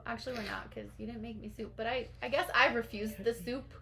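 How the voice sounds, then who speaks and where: A woman co-hosting a book podcast and adding quick joking asides. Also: fairly high pitch, steady tone, gravelly, sharp tone. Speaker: podcast co-host. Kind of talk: casual book chat.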